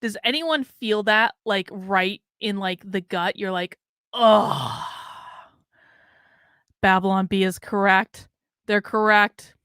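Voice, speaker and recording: A woman's voice: mid-range voice, unhurried, sharp tone, clean tone, no echo, studio quality. A woman hosting a political commentary livestream, reading articles and viewer comments aloud with sarcastic asides. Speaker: livestream host.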